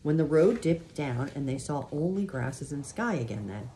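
A woman reading a children's chapter book aloud in a gentle, unhurried way, pausing to show the pictures. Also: deep voice, lively intonation, a little hiss or hum. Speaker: reader.

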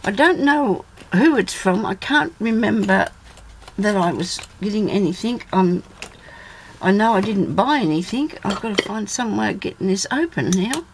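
A woman's voice: mid-range voice, lively intonation, normal speed. A middle-aged woman chatting to her viewers as she opens a parcel, thinking aloud and exclaiming as she goes. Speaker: video blogger opening a parcel. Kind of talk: casual unboxing chat. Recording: noisy home recording.

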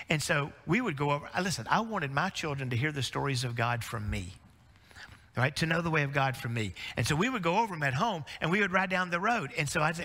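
A middle-aged man preaches warmly animated stories from the pulpit. His voice is bright and a little high for a man. The sound carries the long reverb of a church sanctuary. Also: fast. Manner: storytelling, animated, folksy. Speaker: pastor. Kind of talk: sermon.

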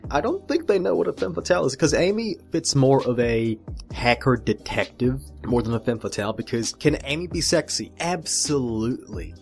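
Male creator, animated fan commentary, very expressive pitch, faint background music. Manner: animated and gushing, swears freely, mimics characters. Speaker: video creator reviewing a game comic. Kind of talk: excited casual commentary.

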